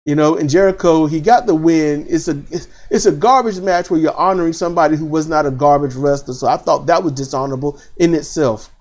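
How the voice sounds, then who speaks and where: A man hosting a casual wrestling commentary, animated and opinionated, repeating phrases for emphasis. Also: fairly high pitch, fairly quick, hardly any pauses. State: choked up.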